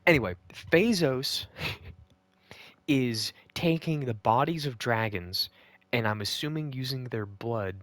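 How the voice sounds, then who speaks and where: A man's voice: mid-range voice, slow, a bit bright, dry recording. A man recapping a video game, ranting and swearing in frustration. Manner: ranting, profane and exasperated. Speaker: gaming video host. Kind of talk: casual game recap commentary.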